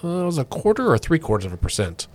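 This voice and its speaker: A man's voice: fairly high pitch, wildly swooping pitch, fast talker. A man co-hosting a political podcast in casual chat, restarting phrases often as he talks. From Oklahoma. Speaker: podcast co-host.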